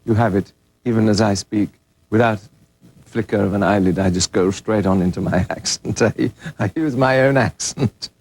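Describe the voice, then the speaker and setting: A man's voice: lowish voice, moderate pace, darkish tone, husky, dry recording. An older man from England, an actor as a guest, chatting casually and self-deprecatingly with frequent chuckles. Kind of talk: casual interview chat.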